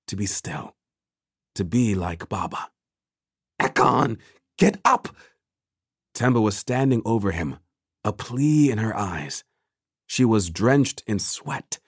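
A man narrating a work of fiction in a measured, deliberate way. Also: on the low side, no room sound. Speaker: audiobook narrator.

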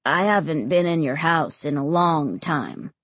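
A woman's voice: sits low, animated, unhurried, no echo, pitched below the performer's own voice, exaggerated voice. A woman voicing a shy, wary boy. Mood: quiet wary.

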